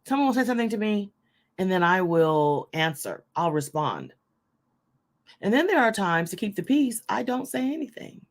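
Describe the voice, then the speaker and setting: A middle-aged woman hosting a casual faith talk, loud, fast and forthright in how she speaks. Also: mid-range voice, sing-song. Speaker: host.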